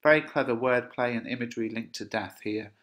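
A man's voice: mid-range voice, fairly quick, a bit bright. A man from England teaching a lesson on a play, reading lines dramatically and then explaining them in casual plain words. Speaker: English teacher.

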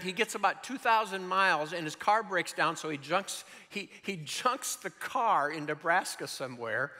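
Bright-voiced older man preaching in a hall. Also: on the high side. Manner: animated storytelling, shifting between loud and hushed. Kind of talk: sermon.

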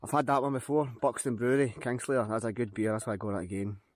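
A man's voice: mid-range voice, flat delivery, fast, no room sound. A Scottish man talking casually to camera in a forest, chatty and upbeat as he thinks aloud. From Scotland. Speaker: outdoor vlogger. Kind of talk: casual vlog talk to camera. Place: outdoors in a forest.

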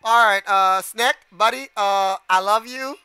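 A man streaming a game live, giving excitable commentary, gasping, shouting and swearing at the screen. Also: high voice, measured pace, clear, resonant tone, no room sound.

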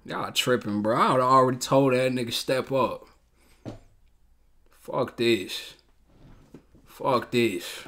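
A man's voice: mid-range voice, slow, pauses often, a bit bright. A man hosting a show reaction, talking bluntly in profane slang and repeating himself in heated outbursts. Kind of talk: casual reaction commentary.

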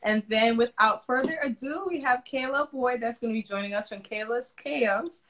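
A woman's voice: a little high, a little fast, fairly bright tone. A woman with a Caribbean accent hosting a casual interview over a video call, talking in a chatty way with many fillers and restarts. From Florida. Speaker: interview host.

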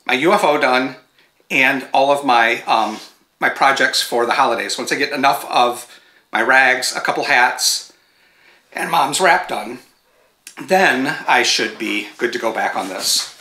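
Chatty man with a very bright voice. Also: mid-range voice, unhurried, roomy sound. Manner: chatty and digressive, breaks off to talk to his dogs. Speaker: knitting show host. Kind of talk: casual chat to camera. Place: home with dogs around.

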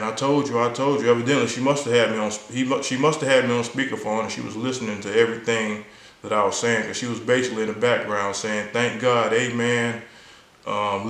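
A man's voice: lowish voice, a bit bright, roomy sound, rough recording. A man earnestly telling a personal story in a casual, conversational way, acting out the people he quotes. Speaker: vlogger sharing a personal story.

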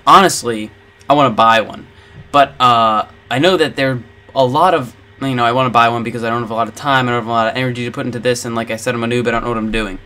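A man's voice: medium pitch, fairly even intonation, fast talker, bright, forceful tone. A man hosting a gaming channel, rambling in casual commentary over gameplay with lots of filler words.

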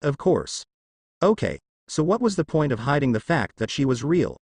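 A man voicing a cocky teenage boy, talking in a smug, deadpan way. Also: fairly high pitch, normal speed, husky, no echo, clean studio sound, full character voice.

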